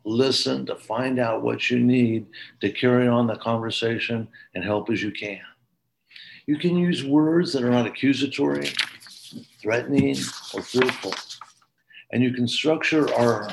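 A man's voice: medium pitch, a little slow, gravelly, slight background noise, rough recording. A man giving a training lecture to police officers, earnest and emphatic, with frequent repetition.

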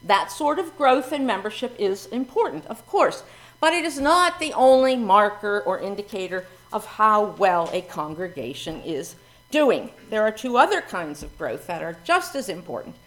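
A middle-aged woman minister giving a reflective sermon with expressive, varied emphasis. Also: mid-range voice, normal speed.

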